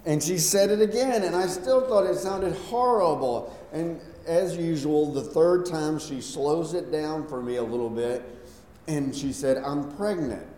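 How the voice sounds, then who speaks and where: A middle-aged male pastor preaching a sermon in a relaxed, conversational storytelling way. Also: on the high side, a little slow, slight background noise. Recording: echoey hall from far off.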